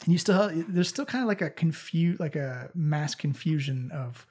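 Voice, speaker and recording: Man, game master, husky voice, halting narration full of fillers. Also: fairly high pitch, lively intonation, darkish tone.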